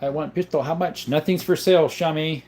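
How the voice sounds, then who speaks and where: A man's voice: fairly high pitch, fairly even intonation, a little fast, a little mellow. A young adult man hosting a casual livestream, reading viewer comments aloud and answering them in a loose, conversational way. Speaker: livestream host.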